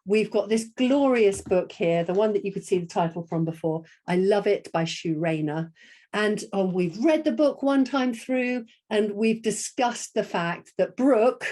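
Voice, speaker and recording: A middle-aged woman leading a webinar, modelling a read-aloud lesson for an imagined class with hushed whispers and excited high calls. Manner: expressive storytelling voice, big swings between hushed whispers and excited high calls; slow, deliberate teacher pacing with "copy me" prompts. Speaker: teacher trainer presenting a webinar.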